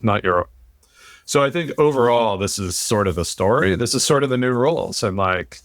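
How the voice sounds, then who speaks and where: Blunt low-voiced American man ranting. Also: vocal fry, no echo, clean studio sound. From United States. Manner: blunt, swears, animated rants. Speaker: podcast host. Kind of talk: casual opinionated chat.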